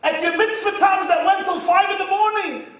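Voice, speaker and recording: A man shouting as scornful pious elders. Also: very high-pitched, normal speed, voice pushed up. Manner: shouting, mocking, mixing in Yiddish. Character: scornful pious men rebuking a parent. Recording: echoey hall from far off.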